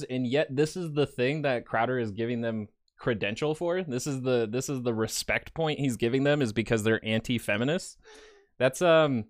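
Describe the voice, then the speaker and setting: A man gives sarcastic reaction commentary at a middling pitch, with a chuckle now and then. He speaks loosely, in a casual way. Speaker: commentary host.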